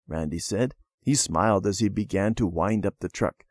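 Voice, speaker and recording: A man reading a Christian children's story aloud with a steady, expressive delivery. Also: fairly low pitch, moderate pace, few pauses, no room sound, studio quality.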